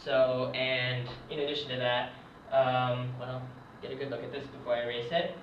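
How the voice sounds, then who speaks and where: Writing at a board in a room, a young man offers an informal French lesson, pausing often with ums as an amateur teacher. He speaks at a moderate pace in a level, medium-pitched tone. Slight background noise sits under the echoey, faraway, muffled lo-fi camera sound.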